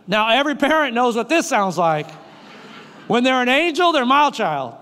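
A pastor with a very high, sharp but clean voice preaches a sermon at normal speed with big pitch swings. He fires questions at the congregation and repeats his key lines, and a large hall gives his words a long reverb.

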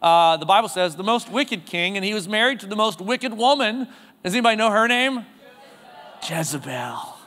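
A pastor with a high, smooth, resonant voice preaches to his congregation. He talks casually and throws questions out to the room. A long reverb trails off the walls of the church. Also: brisk, sharp tone. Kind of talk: sermon. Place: church sanctuary.

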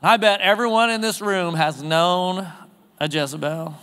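High-voiced pastor preaching in a reverberant church. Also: male voice, a little slow, sharp tone, clean tone. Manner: conversational preaching, asks the congregation questions. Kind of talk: sermon. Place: church sanctuary.

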